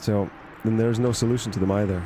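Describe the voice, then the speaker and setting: Over a noisy background, a gaming streamer talks fast in a lowish voice with fairly even intonation. His chat is loose and rambling, full of jokes and self-interruptions.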